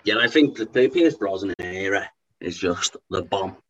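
A man's voice: sits low, expressive, moderate pace, a bit bright, slightly rough. A man co-hosting a casual chat, talking loosely with some swearing. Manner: laid-back, sweary. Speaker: podcast co-host. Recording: muffled with faint noise.

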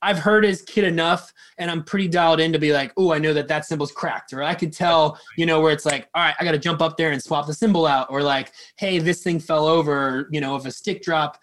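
Man, high voice, drum tech guest, rambling casual storytelling, swears a lot. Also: fairly even intonation, a little fast, hardly any pauses, a bit bright. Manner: rambling, lots of fillers and swearing.

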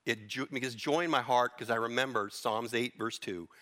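A middle-aged man delivers a sermon in a bright, forward voice. He teaches earnestly through scripture, speaking off the cuff with small restarts along the way. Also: mid-range voice, normal speed. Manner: earnest, unscripted Bible teaching, with restarts and quoted verses. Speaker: preacher.

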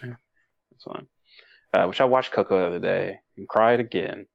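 A man with a low-pitched voice and some vocal fry co-hosts a relaxed movie review chat at a normal pace, rambling, emotional, laughing often, and restarting sentences. The podcast audio is dull, dry, and lo-fi, without echo.

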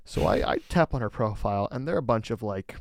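A man co-hosting a podcast, telling a story in a casual, animated way with lots of filler words. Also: on the low side, a little fast, creaky, no echo, studio quality. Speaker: podcast co-host.

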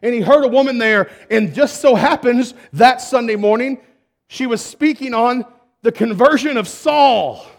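High-voiced male preacher telling a story. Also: unhurried, gravelly. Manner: emphatic, with wide swings between loud and hushed. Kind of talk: storytelling sermon.

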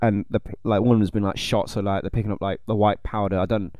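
A man's voice: on the low side, quick pace, no room sound. A man co-hosting a podcast, speaking wryly in casual chat with many fillers. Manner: wry, deadpan, with filler likes. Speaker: podcast co-host.

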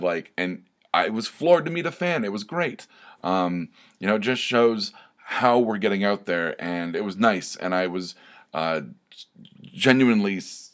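This is a rambling, self-deprecating solo podcast from a deep-voiced man, casual in tone and packed with fillers and restarts.

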